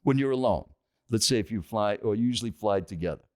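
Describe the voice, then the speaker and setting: An older man, a podcast guest, telling an animated story and questioning his listeners. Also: on the low side, fairly quick.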